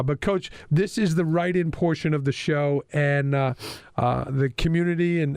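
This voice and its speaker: A man's voice: on the high side, a little mellow, smooth, no room sound. A man hosting an interview podcast as a school principal, talking in a friendly, casual way with lots of uh fillers. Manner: friendly, filler-heavy with frequent uh.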